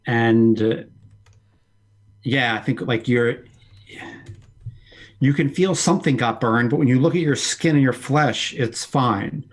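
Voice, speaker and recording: Brief: man as game master, mid-pitched, relaxed and halting, a bit off-mic. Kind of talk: tabletop role-play narration.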